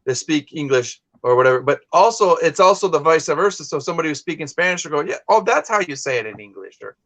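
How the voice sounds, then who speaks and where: A man's voice: a little high, animated, fast, fairly bright tone, no echo. A man from California hosting a casual live stream, telling rambling stories with many restarts. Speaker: host.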